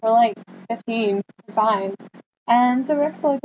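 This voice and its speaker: A woman's voice: fairly high pitch, moderate pace, darkish tone, dull audio, a little hiss or hum. A teenage girl vlogger chatting casually, telling a long story and animatedly acting out what friends said. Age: teens.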